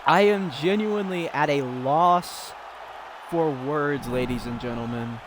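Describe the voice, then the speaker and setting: Slow-talking, giggly male game commentator. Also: on the high side, noisy background. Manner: excitable, giggly, rambling. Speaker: streamer commentating a fighting game. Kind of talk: casual play-by-play commentary.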